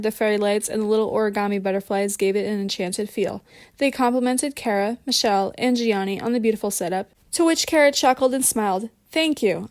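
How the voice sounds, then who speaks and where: A woman narrating an audiobook with steady, even reading. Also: a little high, dry recording, clean studio sound.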